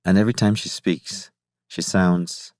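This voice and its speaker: A shy young scientist, flustered and lovesick, stumbling over his words in an audiobook scene, as a male narrator reads him. His voice is low and recorded dry and close. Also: fairly even intonation, darkish tone, dry recording. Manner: hesitant, halting, unsure.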